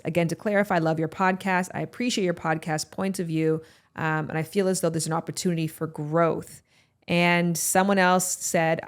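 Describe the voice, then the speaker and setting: Woman, podcast host, fairly low voice, candid, reflective, conversational. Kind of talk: solo podcast talk reading listener reviews.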